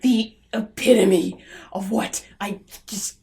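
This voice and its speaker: Sarcastic and exasperated, a young woman vlogs a rant about a film, going from loud outbursts down to low muttering. Her voice is gravelly and steady in tone, her pace slow, with slight background noise.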